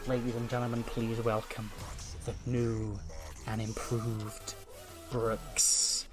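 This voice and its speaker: A man voicing a brash female wrestler cutting a slow, drawn-out promo. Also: medium pitch, level tone, over music, close to an everyday voice. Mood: showy.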